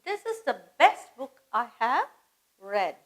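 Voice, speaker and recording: A woman teaching English grammar, slow and patient, repeating phrases and spelling words out letter by letter. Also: a little high, big pitch swings, low-quality recording. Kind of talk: grammar lesson.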